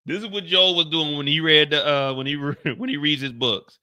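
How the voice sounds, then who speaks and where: Male live-stream host, loose and profane, laughs a lot; bright, forward voice. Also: on the high side, fairly quick, clear, resonant tone. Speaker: streamer reacting to a show. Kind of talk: casual live reaction stream.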